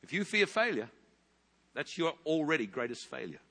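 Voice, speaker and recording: A man in his fifties with a New Zealand accent, preaching a sermon as a pastor, telling stories animatedly and rising into loud bursts. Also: fairly high pitch, moderate pace, creaky. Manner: animated storytelling with big loud rises. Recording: long hall reverb.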